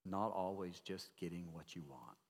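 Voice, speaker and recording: A male pastor preaching a sermon, emphatic, swinging from loud declarations to hushed tones and putting questions to the congregation. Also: deep voice, moderate pace. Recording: long reverb of a large hall.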